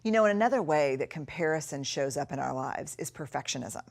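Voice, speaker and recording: A middle-aged woman teaching a recorded lesson in a notably low voice. She speaks earnestly and reflectively and slows right down to lean on key words. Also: lively intonation, vocal fry. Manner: earnest, reflective, with slow emphatic stretches. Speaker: course instructor.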